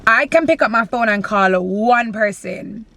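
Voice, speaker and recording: A woman's voice: fairly high pitch, unhurried, creaky, sharp tone, dry recording. A young woman vlogging from her car, venting bluntly and animatedly with plenty of swearing. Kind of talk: casual venting vlog.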